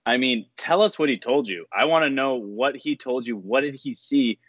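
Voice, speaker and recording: A man's voice: medium pitch, moderate pace, fairly bright tone, dry recording, dull audio. A man hosting a podcast, asking eager questions and thinking aloud in casual chat. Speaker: podcast host.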